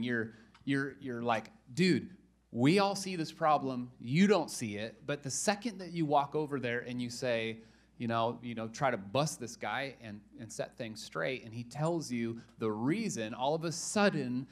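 A man in his young adult years preaching a casual sermon in a church. He jokes with the congregation and keeps restarting his sentences as he tells the story. His voice sits at a middle pitch. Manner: joking, chatty storytelling with lots of restarts. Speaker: pastor.

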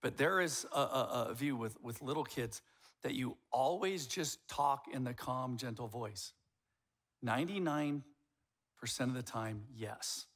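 A man's voice: medium pitch, unhurried, a bit bright. A man in his fifties preaching a sermon as a pastor, blunt and emphatic, with wry jokes.

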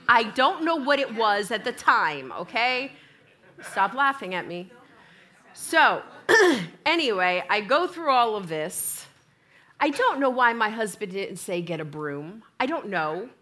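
Preaching in church, a woman shares a funny personal story and animatedly performs both sides of the conversation. Her voice sits a little high.

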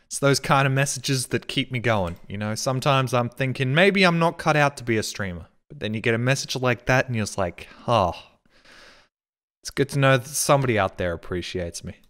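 A man streaming a game, swearing and shouting at his chat while he plays. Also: medium pitch, a little fast. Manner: excitable, swears a lot, yells at chat. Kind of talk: live gameplay commentary.

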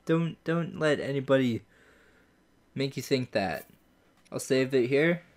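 Let's play commentator, excitable, profane, self-mocking, slow delivery, animated swings in pitch. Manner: excitable, swears a lot, goofy self-mocking. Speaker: gaming YouTuber.

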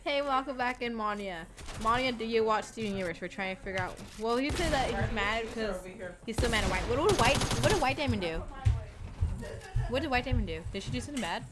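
A woman's voice: on the high side, expressive, a little fast, background noise. A woman streaming games, chatting casually and giggling, greeting viewers by name. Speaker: game streamer. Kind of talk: casual live-stream chat.

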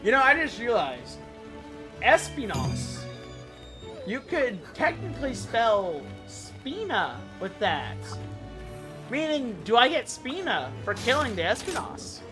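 A woman streamer giving excitable, chatty live gameplay commentary, breaking into mock-outraged rants. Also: on the high side, slow pace. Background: game music.

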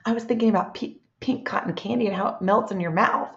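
Reading aloud to young children, a woman teacher speaks fast in a gentle, expressive, gravelly voice of middling pitch, often pausing to ask them questions. The room echoes, and the recording sounds dull and lo-fi.

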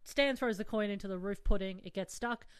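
A woman hosts a podcast in a loose, playful chat, laughing often as she goes. Her voice sits at an ordinary middle pitch and sounds close and dry, with no room around it. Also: a little fast, clean tone, no echo. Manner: giggly, playful and chatty. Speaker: podcast host. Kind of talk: casual chat.

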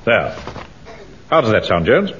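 A man's voice: lowish voice, wildly swooping pitch, unhurried, a bit bright, full character voice. A pompous, self-important bank manager, his voice swinging widely as he lords it over his staff. The recording is dull, old radio with faint hiss. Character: pompous middle-aged male bank manager and platoon captain. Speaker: bank manager and platoon commander. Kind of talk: 1970s radio sitcom acting.

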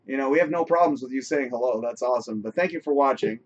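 A man hosting a casual live talk show, animated and encouraging, saying "you know" a lot. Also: medium pitch, fast talker, dull audio. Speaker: host. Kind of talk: casual chat.

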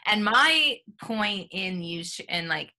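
A woman's voice: medium pitch, lively intonation, takes it slowly, pushed and bright. A woman hosting a podcast, responding in a supportive way with frequent ums. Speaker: podcast host. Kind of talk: casual interview chat.

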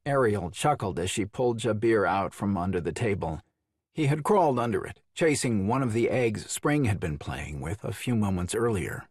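A man narrates a children's storybook with a low, husky voice. His pitch rises and falls in a lively way as he acts out the scenes. The sound is dry and close. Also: moderate pace, no echo. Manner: expressive, voices each character. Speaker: audiobook narrator.

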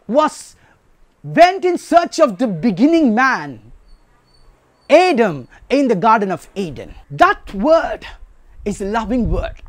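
A man's voice: extremely high pitch, big pitch swings, slow, no room sound, studio quality. A man preaching a sermon, emphatic and repetitive, asking rhetorical questions.

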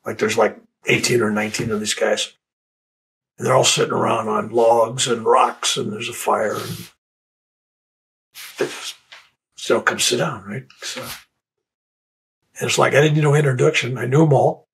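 An older man telling the personal story of his out-of-body experience, halting and repeating words as he searches for them. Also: medium pitch, fairly even intonation, gravelly, a bit bright, poor audio. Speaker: interviewee.

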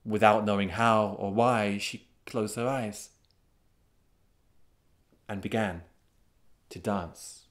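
A man telling a folk tale as a storyteller, unhurried and dramatic, with sudden swells of excitement. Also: on the low side. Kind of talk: storytelling narration.

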